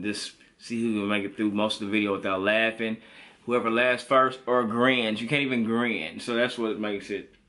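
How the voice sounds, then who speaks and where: Male vlogger, relaxed and chatty; low-ish voice with a bright, forceful edge. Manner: relaxed, chatty, loose restarts. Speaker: vlog host. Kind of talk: casual vlog intro. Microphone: phone or small camera.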